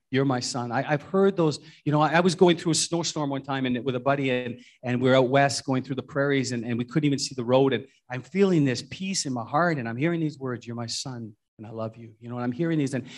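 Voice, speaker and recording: A middle-aged pastor delivers a sermon in a folksy, storytelling manner, often repeating words and restarting sentences. His voice sits at a medium pitch.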